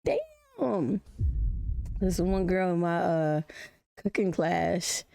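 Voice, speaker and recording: A woman streamer talking casually over a reaction video, her pitch swinging widely as she tells stories. She swears freely and jumps between topics in a loose, chatty way. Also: extremely slow, vocal fry. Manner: profane, animated storytelling with laughs. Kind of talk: casual live-stream chat.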